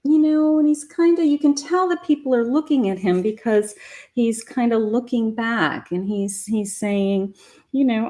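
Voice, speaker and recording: A woman reads tarot cards live for her viewers. Her voice sits a little high, and she talks to them in a chatty, encouraging way. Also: unhurried, warm tone. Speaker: psychic tarot reader.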